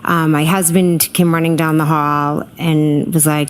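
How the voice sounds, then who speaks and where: A middle-aged woman testifying as a witness in court, hesitant and filling pauses with ums, answering briefly. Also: deep voice, level tone, a little hiss or hum. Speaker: trial witness.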